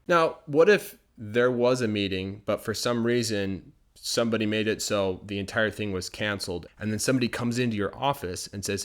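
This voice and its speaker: An American man with a fairly low voice gives a casual English lesson. He explains patiently and slips into quick acted-out everyday exchanges to show how natives talk. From United States. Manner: explains patiently, acts out short everyday dialogues. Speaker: English teacher.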